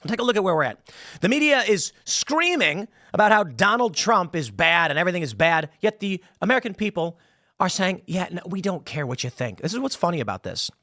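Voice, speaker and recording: A man's voice: high-pitched, big pitch swings, brisk, pushed and bright, no echo. A man hosting opinionated political commentary in a combative, sarcastic manner from a small studio.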